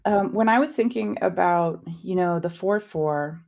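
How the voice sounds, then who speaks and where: A woman with a fairly low voice muses slowly about spiritual growth. She speaks hesitantly, with many ums, and clears her throat from a lingering cough. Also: slight background noise. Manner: soft-spoken, musing, many fillers. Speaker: co-host. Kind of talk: reflective spiritual talk.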